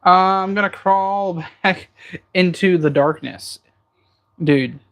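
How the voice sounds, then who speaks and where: Speaking slowly in a high, fairly bright voice, a man hosts a casual kitchen livestream, cooking as he goes. Jokey banter fills the stream as he reads out viewer comments.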